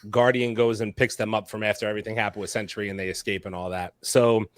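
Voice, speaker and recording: A man's voice: on the low side, fast talker, no echo, clean studio sound. A man co-hosting a podcast, chatting casually about a movie, rambling with restarts. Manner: relaxed, rambling with restarts and laughs. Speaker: podcast co-host. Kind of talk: casual movie review chat.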